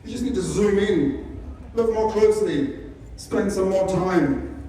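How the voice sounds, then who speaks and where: A fairly high-voiced man giving a humorous talk, his wry, self-deprecating stories landing between gentler asides. The sound is distant and boomy, as if caught from the back of a large hall, with a long reverb tail and a faint noise floor. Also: lively intonation, unhurried. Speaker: sanctuary founder giving a talk.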